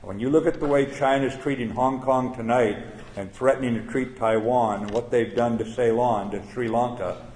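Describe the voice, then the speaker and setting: An older man, a retired general, giving a plain-spoken speech with anecdotes to a live audience, halting now and then with fillers. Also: mid-range voice, fairly even intonation, a little mellow. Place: event venue before an evening audience. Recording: roomy room with faint ambience.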